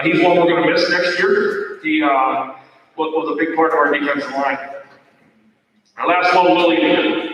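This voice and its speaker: A middle-aged football coach speaks at a team awards night in a fairly high voice, folksy and rambling, with plenty of fillers and restarts. He is picked up from across a large hall, so his voice booms and trails off in a long echo. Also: fairly bright tone. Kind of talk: end-of-season awards speech. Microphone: far from the microphone. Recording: echoey hall from far off.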